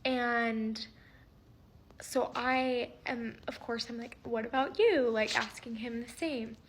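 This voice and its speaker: Chatty woman doing storytime, kinda high voice, laughs a lot. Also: level tone, slow, a bit bright. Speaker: vlogger. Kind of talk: casual storytime to camera.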